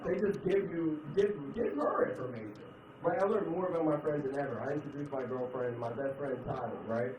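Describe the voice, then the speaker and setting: A man doing a stand-up comedy set, chatting with the audience and switching between loud put-on voices and low mutters. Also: fairly quick. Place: comedy club stage. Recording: echoey club, distant mic, dull sound, crowd laughter.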